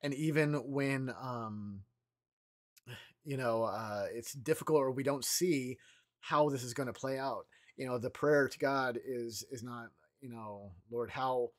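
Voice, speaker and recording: Man leading informal morning prayer. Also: medium pitch. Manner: loose and conversational, with frequent pauses and restarts. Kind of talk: informal devotional teaching.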